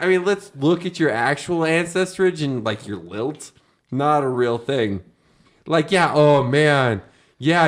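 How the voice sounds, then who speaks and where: A man's voice: mid-range voice, lightly acted. A man voicing a slangy, dim-witted male governor in a tabletop game, drawling and full of filler words. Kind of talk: in-character speech in a tabletop game.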